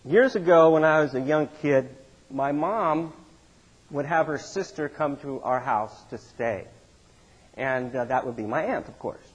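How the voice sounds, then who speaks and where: Middle-aged male pastor, slightly raised pitch, husky tone, dull lo-fi sound, storytelling sermon delivery. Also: measured pace. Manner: storytelling, animated swings in pitch and loudness.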